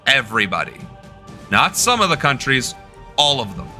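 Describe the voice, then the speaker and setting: A man's voice: mid-range voice, big pitch swings, normal speed, bright, forceful tone, soft background music. A young man chatting casually with his live-stream audience while playing a game, loose and joking. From United States. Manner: loose, joking, talking to chat. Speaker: political streamer.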